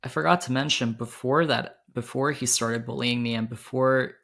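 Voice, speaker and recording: A man hosting a podcast, telling a personal story in a candid, halting way with many restarts, his voice jumping higher when he quotes his own panic. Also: steady tone, vocal fry. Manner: quoted lines rise much higher and louder when he relives panic. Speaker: podcast host.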